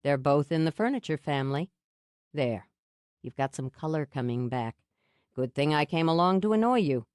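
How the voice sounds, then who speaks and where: A woman voicing a teasing, protective grown man who speaks in a wry, coaxing, steady way. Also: low voice, normal speed, smooth, no echo, clean studio sound.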